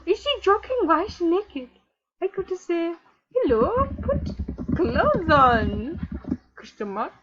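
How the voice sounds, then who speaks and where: A woman's voice: very high-pitched, sing-song, moderate pace, noisy background. A woman playing a pious Somali immigrant woman who speaks broken English with a Somali accent and gets scandalized while commenting on a game. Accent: put-on Somali accent. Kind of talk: in-character troll gameplay commentary. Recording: dull lo-fi recording.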